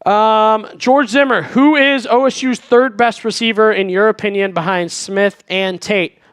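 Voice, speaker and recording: A man's voice: sits high, steady tone, a little slow, fairly bright tone, smooth, no echo, studio quality. A man hosting a live sports stream in casual chat, reading viewer messages and chatting about the team. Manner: chatty, reads viewer super chats aloud. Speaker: sports show host.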